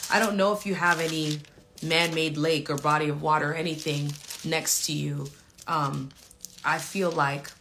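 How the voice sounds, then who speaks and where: A woman's voice: low-pitched, creaky, fairly bright tone, a little hiss or hum. A woman leading a live prayer stream, praying aloud in an earnest, repetitive way with loose fillers, then chatting with her viewers. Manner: earnest, repeated appeals and declarations, loose with fillers. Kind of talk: spontaneous spoken prayer and chat with viewers.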